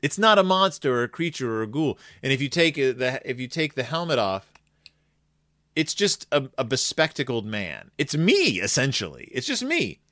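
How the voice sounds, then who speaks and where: A man casually recapping a cartoon episode, sarcastic and animated, acting out the characters in quick asides. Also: mid-range voice, dry recording, clean studio sound. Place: home room with shelves of toys.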